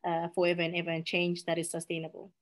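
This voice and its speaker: Lively South African woman guest. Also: fairly low pitch, quick pace. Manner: lively and expressive, frequent laughs and restarts. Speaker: podcast guest, nonprofit director. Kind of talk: casual interview chat.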